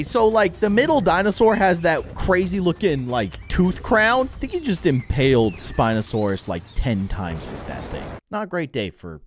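A man giving excitable, jokey commentary while playing a video game. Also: medium pitch. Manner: excitable, jokey, yelps and laughs at the action. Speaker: gaming YouTuber.

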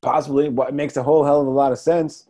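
A man's voice: medium pitch, fairly even intonation, fast talker, dark tone. A man co-hosting a casual podcast, talking in a laid-back and agreeable way. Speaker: podcast co-host.

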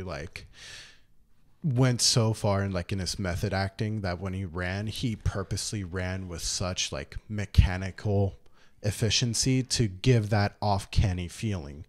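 Male podcast host, lower register, rambling casual delivery. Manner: loose and rambling, full of "like"s. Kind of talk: casual chat.

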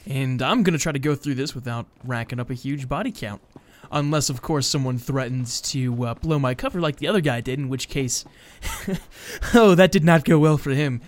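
A man's voice: mid-range voice, moderate pace. A man giving joking, rambling commentary while playing a video game, laughing at himself. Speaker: gaming host. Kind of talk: let's-play commentary.

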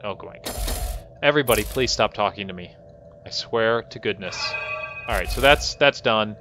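A man streams a game and vents at his colonists, his voice bright and edgy. He swings between muttering and loud exasperated bursts. A faint hiss sits under his voice. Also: on the low side, normal speed. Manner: exasperated, scolding his colonists, frequent outbursts. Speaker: gaming host. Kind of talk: live game commentary.

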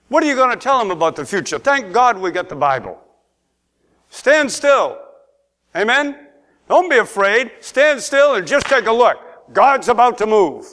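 High-voiced man preaching a sermon. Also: very animated, normal speed, a bit bright. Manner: preaching, calls for amens, rises to emphatic peaks. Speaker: pastor. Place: church sanctuary.

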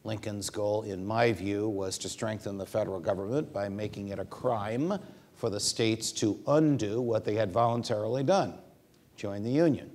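A man speaking as a guest in an interview, measured with frequent pauses, telling anecdotes. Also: fairly low pitch, darkish tone. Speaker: guest legal commentator. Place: stage at a university event.

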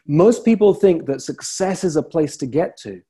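A male coach speaks in a soft, mellow tone with a slightly husky edge. He tells stories slowly and reflectively, leaving deliberate pauses between thoughts. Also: a little high, lively intonation. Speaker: leadership coach. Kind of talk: motivational talk to camera.

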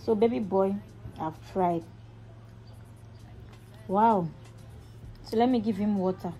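A woman's voice: mid-range voice, slow pace, warm tone, soft background music, rough recording. A young mother chatting in a casual home vlog, switching between cooing baby talk and asides to her viewers. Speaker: vlogger and mother.

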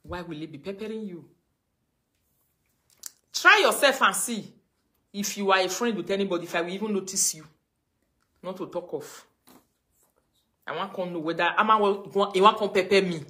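A Nigerian woman ranting on a livestream, mocking and scolding, her voice swinging between loud outbursts and low mutters. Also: brisk. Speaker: livestream host. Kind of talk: casual livestream rant.

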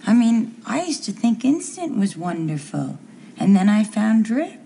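An actress playing an earnest, confused housewife in a 1970s TV soap, speaking in a hesitant, stammering way. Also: female voice, mid-range voice, sing-song, unhurried, gravelly, warm tone, a little hiss or hum.

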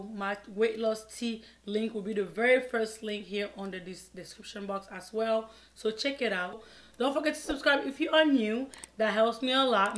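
A woman from Cameroon hosting a casual mukbang storytime vlog, chatty and repeating her pleas, mumbling between bites. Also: mid-range voice. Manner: chatty, repeats pleading words, mumbles while eating. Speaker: vlogger.

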